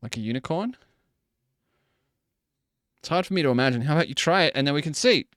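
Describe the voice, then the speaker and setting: Animated streamer man. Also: a little high, no echo, studio quality. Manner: animated, joking, quick laughs. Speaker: streamer reacting to videos. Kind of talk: casual reaction chat.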